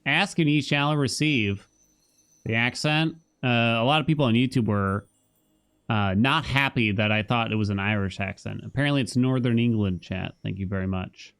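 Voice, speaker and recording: A man's voice: medium pitch, moderate pace, fairly bright tone, clear, resonant tone. A man casually commenting on his gameplay as a streamer, chatting to viewers and humming along. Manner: laid-back, chatty, addresses chat, hums along. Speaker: game streamer.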